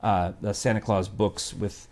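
A man's voice: on the low side, flat delivery, unhurried, darkish tone. A male co-host chatting casually on a live show. He rambles, backs up and restarts his sentences as he talks.

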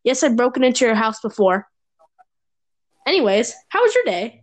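A woman's voice: fairly high pitch, very animated, normal speed. A woman co-hosting a casual podcast chat, teasing her friend, ranting and swearing a lot, with mock impressions of other people. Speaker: podcast co-host.

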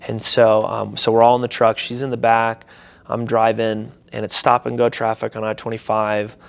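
A man's voice: on the low side, monotone, moderate pace, vocal fry. A young adult man, a pastor, telling a personal story casually in an interview and animatedly acting out quoted voices.

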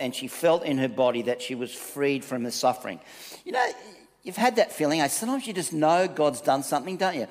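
A man giving a conversational sermon, reading scripture and telling stories with lively asides. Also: a little high, fairly quick. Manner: conversational, animated storytelling with asides. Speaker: preacher. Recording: long reverb of a hall.

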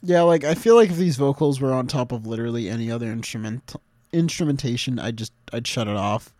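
A man's voice: mid-range voice, fairly quick, a little mellow, dry recording. Young man in casual music chat. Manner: rambling, enthusiastic, laughs often. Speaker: music podcast co-host.

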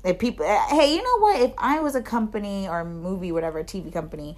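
Animated woman telling stories with laughter. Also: quick pace. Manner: animated storytelling, acts out quotes with big pitch jumps and laughter. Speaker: podcast co-host. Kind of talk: casual chat.

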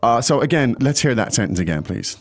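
A man hosting a language lesson who explains phrases patiently, in an animated, chatty way. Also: medium pitch, a little fast.

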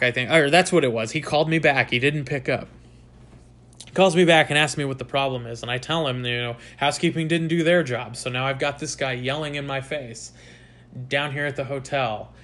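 A young man from the United States, hosting his own show and telling a personal story in a candid, animated way, swearing freely. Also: medium pitch. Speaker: podcast host. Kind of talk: casual storytelling monologue.

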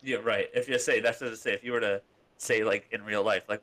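Bright-voiced laughing man at play. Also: lowish voice, steady tone, fairly quick. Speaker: player. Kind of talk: casual tabletop game chat.

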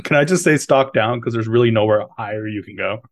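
A man co-hosting a casual sports podcast, dry and quick to laugh, cutting in with short counterpoints. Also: on the low side. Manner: dry, laughs often, jumps in. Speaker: podcast co-host.

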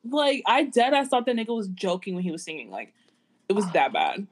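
A young woman in casual chat, slangy and profane. Her voice is mid-pitched with wide swings. She keeps backing up her co-host. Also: sing-song, brisk.

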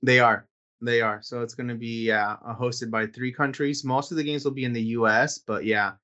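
A man's voice: mid-range voice, fairly even intonation, moderate pace, sharp tone, muffled recording. A man co-hosting a podcast in laid-back casual chat, often filling in with "um" and "dude". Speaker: podcast co-host.

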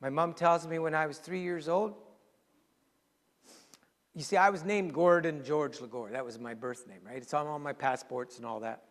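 A man preaching with a fairly high voice, telling stories and dropping to a near-whisper for weight. His words ring out with a long reverb, as in a large church hall. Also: moderate pace. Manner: storytelling, dramatic shifts to a hushed voice for emphasis. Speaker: pastor. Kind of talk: sermon.

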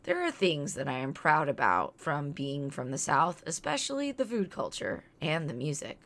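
A woman from Louisiana reads her podcast script aloud with a low, deep voice. She sounds earnest, reflective and outspoken, like a host sharing personal thoughts with her listeners. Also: wildly swooping pitch, moderate pace, fairly bright tone. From Louisiana, near New Orleans.

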